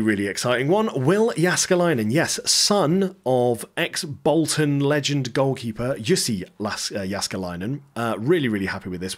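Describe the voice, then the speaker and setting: A man giving upbeat, chatty commentary over a football management game, with jokey asides. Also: lowish voice. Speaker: gaming YouTuber.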